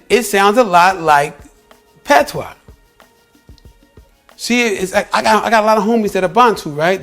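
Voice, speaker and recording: High-voiced American man talking emphatically. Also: a bit bright. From United States. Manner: emphatic, repetitive, calls listener "bro". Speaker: vlogger. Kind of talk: casual opinion talk to camera.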